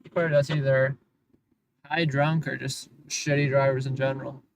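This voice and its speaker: A man's voice: mid-range voice, flat delivery, normal speed, vocal fry, background noise. A man livestreaming casual, sarcastic commentary from inside his car as he drives city streets, complaining about other drivers.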